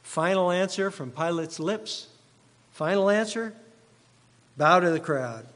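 A man's voice: sits high, expressive, slow, a bit bright, in a large hall. A male pastor preaching an expository sermon, driving points home by repeating key phrases.

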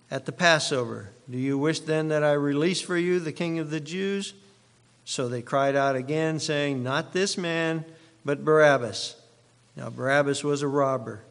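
A pastor's sermon voice, a man reading scripture with measured, dramatic emphasis. His mid-pitched voice carries through a church sanctuary with long reverb. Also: gravelly, a bit bright. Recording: long reverb of a large hall.

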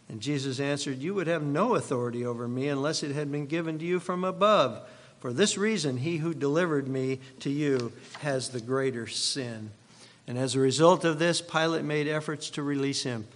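A man, a pastor, reading scripture aloud and preaching in a sermon, with a measured and dramatic delivery. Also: mid-range voice. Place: church sanctuary. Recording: long reverb of a large hall.

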